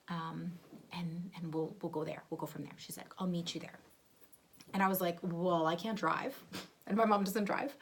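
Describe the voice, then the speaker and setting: A young woman telling a personal story in conversation, speaking softly and haltingly with many fillers and restarts. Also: on the low side, gravelly. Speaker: bereaved mother sharing her story.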